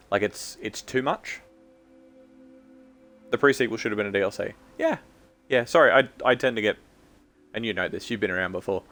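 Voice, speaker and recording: A young Australian man chatting casually on a live stream while he plays, rambling and halting with many ums and restarts. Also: fairly low pitch, fairly bright tone.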